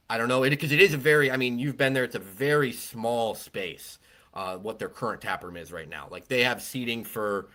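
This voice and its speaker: A man's voice: mid-range voice, fairly bright tone. A man co-hosting a casual beer podcast, talking in a rambling, conversational way with frequent restarts. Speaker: podcast co-host. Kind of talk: casual chat.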